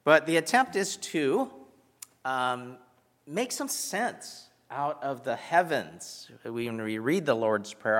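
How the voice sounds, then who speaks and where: A man's voice: mid-range voice, big pitch swings, slow, fairly bright tone. A man giving a conversational sermon with self-deprecating humor, from the United States. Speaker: pastor. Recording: reverberant hall.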